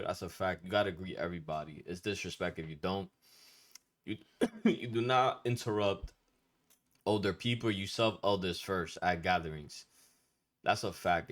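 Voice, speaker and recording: A man's voice: sits low, fairly bright tone. A man of Dominican family teaching Spanish etiquette in a casual, slangy lesson, talking bluntly and sometimes swearing.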